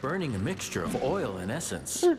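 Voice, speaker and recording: An actor voicing an ancient male spirit bound in a gauntlet, speaking in a measured, thoughtful way. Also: mid-range voice, big pitch swings, close to an everyday voice. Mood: musing.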